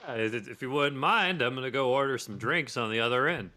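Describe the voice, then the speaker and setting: An easygoing man playing a tabletop role-playing game, often chuckling. His voice is bright and clear, at a middle pitch. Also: fairly quick. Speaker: player.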